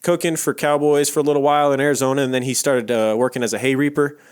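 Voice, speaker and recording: A man's voice: mid-range voice, steady tone, fast talker, clean tone. A man co-hosting a casual true crime podcast, retelling an outlaw's life in a loose, joking way with plenty of fillers and swearing. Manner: laid-back storytelling, swears casually, many fillers. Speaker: podcast co-host.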